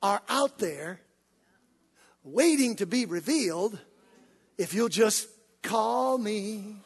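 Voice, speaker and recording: A man preaching a sermon to his congregation, building up to shouts and calling on the church to answer. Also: high voice, expressive, takes it slowly, husky. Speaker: pastor. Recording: hall reverb.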